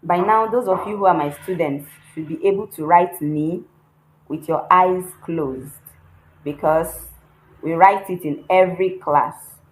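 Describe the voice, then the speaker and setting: A woman's voice: lowish voice, unhurried, poor audio. A woman teaching a beginner language lesson, repeating words and spelling them out. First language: not Chinese. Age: adult, not a child. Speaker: Chinese teacher. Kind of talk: slow, deliberate language lesson.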